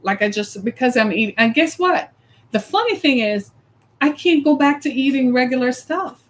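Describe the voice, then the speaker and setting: A woman's voice: high-pitched, expressive, normal speed, fairly bright tone. A woman hosting a casual live chat, chatty and opinionated, laughing often and ending her sentences with "right?". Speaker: host.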